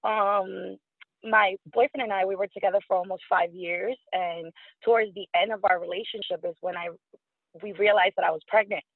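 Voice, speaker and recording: A woman in her thirties from New York, telling a personal story as an interview guest, lively and acting out what others said. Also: medium pitch, moderate pace, gravelly, dry recording. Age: 30s. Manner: animated, acts out quoted voices, frequent fillers. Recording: tinny phone-line sound.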